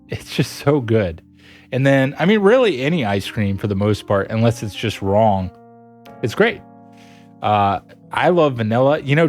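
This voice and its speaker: A young adult man streaming, chatting casually with viewers, giggling a lot. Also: medium pitch. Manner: giggly, laughs a lot, animated. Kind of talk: casual chat reading viewer messages.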